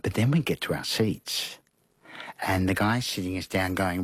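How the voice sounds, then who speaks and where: A man with a low, husky voice tells stories as an interview guest. He is animated and acts out what people said with bursts of laughter. The recording is close and dry. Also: moderate pace, no room sound. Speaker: interview guest, costume designer. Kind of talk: conversational storytelling.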